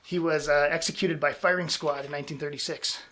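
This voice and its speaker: Guy hosting a podcast quiz, bit higher voice, reads names slow and jokes around. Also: steady tone, sharp tone. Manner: reads names out slowly and jokes between answers. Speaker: podcast host running a quiz game. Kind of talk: casual podcast chat.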